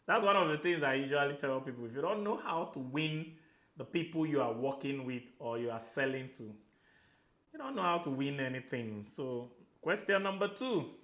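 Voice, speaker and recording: Animated Nigerian man, echoey room. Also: mid-range voice, moderate pace. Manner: animated, acts out voices, Pidgin asides. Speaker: real estate coach answering questions. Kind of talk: motivational Q&A talk.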